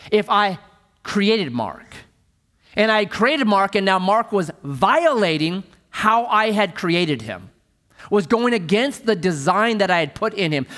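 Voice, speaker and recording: Animated preaching man, lively high voice. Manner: animated preaching, drops to soft emphasis. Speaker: pastor. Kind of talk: sermon.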